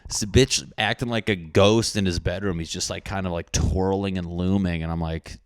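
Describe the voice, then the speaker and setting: A young man with a low, deep voice runs a casual solo podcast, riffing and ranting in a crude, jokey way full of swearing. The sound is dry and close, with no room echo. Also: steady tone, normal speed, clear, resonant tone. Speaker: podcast host.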